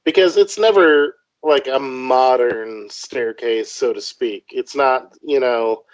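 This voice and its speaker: A man's voice: medium pitch, slow, no room sound, poor audio. A man co-hosting a casual podcast chat, jokey and rambling, laughing often. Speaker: podcast co-host.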